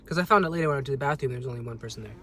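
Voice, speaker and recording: A young man telling a story on a vlog as a rambling, agitated rant, with sudden loud jumps in pitch. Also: very fast, a little hiss or hum. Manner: rambling, with many restarts. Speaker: vlogger.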